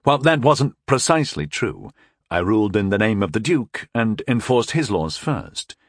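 A man's voice: fairly low pitch, very animated, normal speed, no room sound. Wry male audiobook narrator, dry sound. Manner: wry, conversational storytelling. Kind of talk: first-person fantasy narration.

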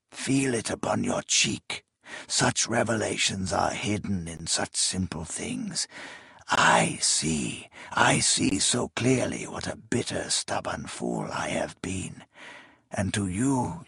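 A man voicing a dying old king, grieving and tender, speaking weakly in halting half-whispers. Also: mid-range voice, slightly rough, dry recording, clean studio sound. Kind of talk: audiobook character reading.

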